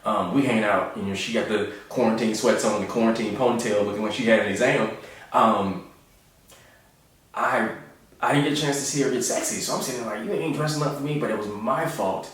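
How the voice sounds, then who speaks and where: A man in his thirties, a comedian telling stories in a relaxed, joking way and acting out the voices of the people in them. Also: lowish voice, brisk, very echoey, far from the mic. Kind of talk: casual storytelling monologue.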